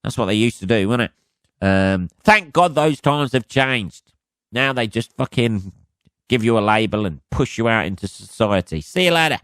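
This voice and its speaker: Hoarse male podcast host with a lowish, rambling, profane delivery, recorded dry and close. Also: expressive, normal speed, a bit bright, no room sound. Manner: rambling, swears constantly, jokey asides. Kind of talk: casual solo podcast monologue.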